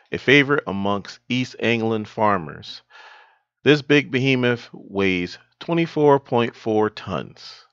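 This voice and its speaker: A man hosting his own video, joking around and then counting down a list in an unhurried way. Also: lowish voice, fairly bright tone, clean tone, no room sound, muffled recording. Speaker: vlog host.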